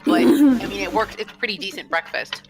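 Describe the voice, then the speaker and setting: A woman acting as game master of a tabletop game, narrating in a relaxed, easygoing way. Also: medium pitch, fairly quick, music in the background.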